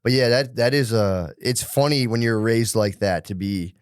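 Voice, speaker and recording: A man's voice: mid-range voice, normal speed, clear, resonant tone, no echo, studio quality. A man co-hosting a podcast, telling stories in loose, profane casual chat and acting out his own inner voice. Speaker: podcast co-host.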